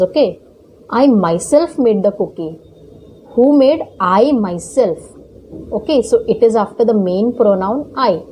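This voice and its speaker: Woman teacher with a mellow, warm voice. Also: mid-range voice, a little hiss or hum, rough recording. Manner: repetitive, checks understanding with "okay?". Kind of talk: recorded grammar lesson.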